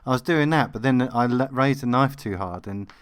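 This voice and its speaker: A man's voice: mid-range voice, normal speed, clean tone. Easygoing man chatting on a podcast. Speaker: podcast co-host. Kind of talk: casual podcast chat.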